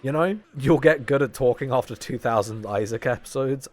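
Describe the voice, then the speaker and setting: A man's voice: fairly high pitch, lively intonation, normal speed, hardly any pauses. A man in his twenties chatting casually on a stream, joking and swearing as he rambles, his voice strained and tired. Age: 20s. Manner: rambling, jokey, swears often. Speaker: fighting game podcast co-host.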